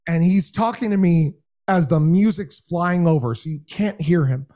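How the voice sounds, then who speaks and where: A man telling a story in casual podcast talk, animated and full of imitated voices. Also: a little high, normal speed. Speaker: podcast guest, game show host.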